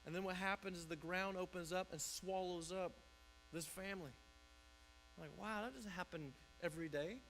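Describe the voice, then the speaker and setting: A man's voice: high voice, normal speed, a bit bright, slight background noise, low-quality recording. A man pastor preaching a conversational sermon in a church, often restarting and repeating words.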